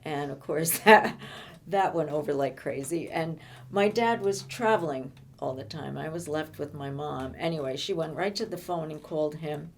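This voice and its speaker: An older woman telling her own life story in conversation, halting and often repeating words as she restarts. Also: sits low. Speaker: interviewee.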